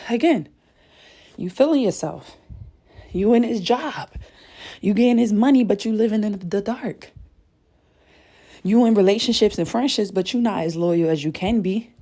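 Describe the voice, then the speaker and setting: A woman preaches to her viewers with a mellow, dark tone. She is emphatic and a bit breathless from pacing as she talks. She keeps checking in with the listener through "okay?" and "y'all". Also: medium pitch. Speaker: spiritual content creator. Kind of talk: impassioned spiritual message to viewers. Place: indoors at home, late at night.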